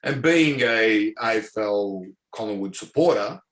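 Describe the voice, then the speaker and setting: A man's voice: fairly low pitch, animated, a little slow, a bit bright. A middle-aged Australian man, a former footballer, telling stories in a casual interview, repeating words and filling with "um". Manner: rambling, repeats words, many fillers. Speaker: former professional footballer, guest.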